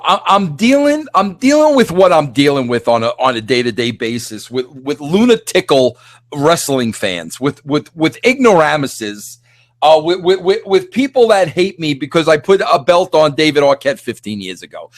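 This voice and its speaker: High-pitched, animated rambling man. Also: moderate pace, no room sound, studio quality. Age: middle-aged. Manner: excitable, rambling, lots of "like" and restarts. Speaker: podcast host. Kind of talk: animated solo rant.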